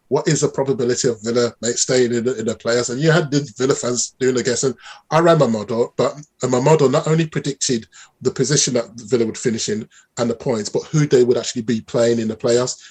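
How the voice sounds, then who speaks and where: In a conversational interview, a mathematician guest from Birmingham, England tells stories with an animated, husky, mid-range voice. He restarts his sentences many times as he goes.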